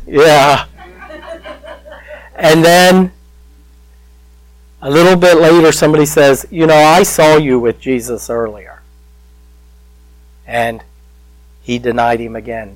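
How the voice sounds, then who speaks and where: Man preaching a sermon, slow and emotional with dramatic pauses; dry, close mic. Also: a little high, lively intonation, no room sound, rough recording.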